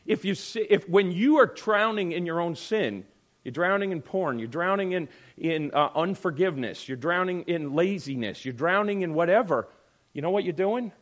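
A man pastor giving a conversational sermon, swinging between loud emphasis and quiet asides. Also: high-pitched, animated, moderate pace.

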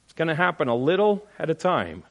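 Animated middle-aged male pastor preaching. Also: a little high, a little fast. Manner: animated preaching, rising to loud emphatic peaks; asks the congregation rhetorical questions. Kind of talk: sermon.

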